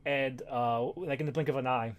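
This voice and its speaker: A man's voice: medium pitch, fairly even intonation, brisk. A man co-hosting a podcast, recapping a comic in a rambling, swearing way with many fillers and restarts. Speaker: podcast co-host. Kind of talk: casual chat recapping a comic.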